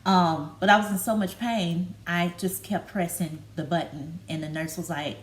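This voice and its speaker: A woman's voice: on the low side, steady tone. Woman vlogging in a roomy space. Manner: halting and candid, with many fillers. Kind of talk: candid personal vlog. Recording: roomy with faint background noise.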